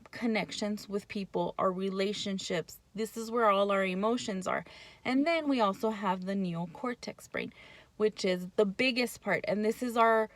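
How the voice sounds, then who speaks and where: A woman at a medium pitch gives a casual, explanatory talk about parenting, speaking bluntly and conversationally while often checking in with "right?". There is no room sound.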